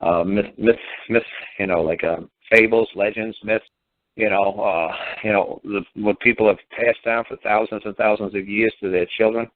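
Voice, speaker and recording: A man's voice: on the low side, steady tone, normal speed, dry recording. A man talking in a rambling, casual monologue, full of fillers and restarts, as a talk show host. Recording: tinny phone line.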